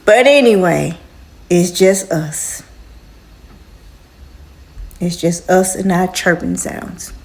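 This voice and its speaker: A woman's voice: lowish voice, slow, long pauses, darkish tone. A woman venting in a casual home vlog, exasperated and talking straight to her viewers. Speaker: vlogger. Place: apartment at home.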